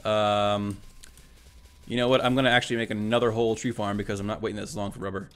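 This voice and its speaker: A let's play host with a voice on the low side, a bit bright and with little pitch movement, talks fast while casually narrating his own gameplay. He thinks aloud, corrects himself, and chats to the robot units on screen.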